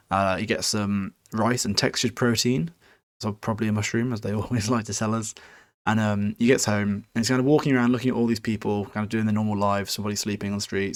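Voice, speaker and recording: A man's voice: lowish voice, no room sound, studio quality. A man hosting a podcast, recapping a book chapter in a loose, rambling, sweary way with many restarts. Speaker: podcast host.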